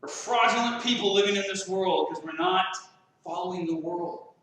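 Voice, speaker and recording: A man with a high voice preaches a sermon, impassioned and full of rhetorical questions. He is recorded from well off the mic, so his voice rings through a very echoey church. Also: moderate pace, fairly bright tone. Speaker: pastor. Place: church sanctuary. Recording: very echoey room, mic far off.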